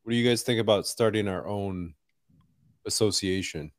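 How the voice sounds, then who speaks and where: Fairly low-voiced man griping animatedly. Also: normal speed, no echo, studio quality. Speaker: podcast co-host. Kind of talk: casual chat.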